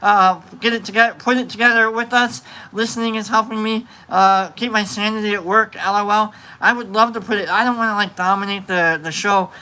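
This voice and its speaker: A man's voice: high-pitched, steady tone, fairly quick, hardly any pauses, bright, forceful tone, clear, resonant tone, low-quality recording. A man hosting a livestream, reading out and greeting viewer comments in a rambling, playful chat full of fillers and restarts. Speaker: livestream host.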